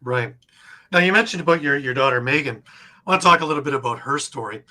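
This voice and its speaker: A man's voice: mid-range voice, quick pace, pushed and bright. A man hosting an interview, asking conversational, prompting questions. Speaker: host.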